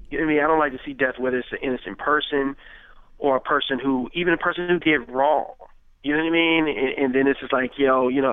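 A rapper from Richmond, California, talking casually as an interview guest, rambling and filling with "you know what I mean.". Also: male voice, mid-range voice, dry recording. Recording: tinny phone-like line, dry.

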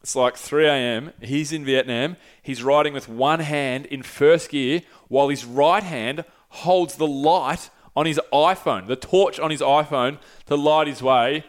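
A man's voice: on the high side, measured pace, hardly any pauses. A young man telling a long travel story in a loose, profane, filler-heavy way as a podcast host. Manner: profane, rambling anecdote with frequent fillers. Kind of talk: casual solo storytelling.

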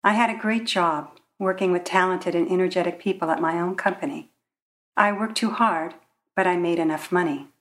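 A woman's voice: lowish voice, moderate pace, fairly bright tone. A woman, an author, reading from her personal memoir in a wry, reflective voice.

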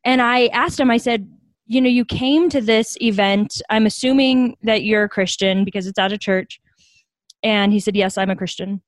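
A woman's voice: medium pitch, moderate pace, no room sound. A young woman, a nonprofit founder from the United States, telling stories earnestly and reflectively in a podcast interview. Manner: earnest, reflective, animated when quoting others.

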